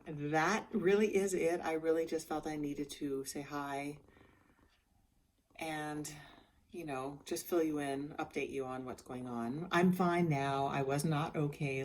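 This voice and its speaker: Sharing her health journey in a personal video update, a middle-aged woman sounds worn out and tired. She's chatty and candid, often restarting, in a deep voice with a darkish tone.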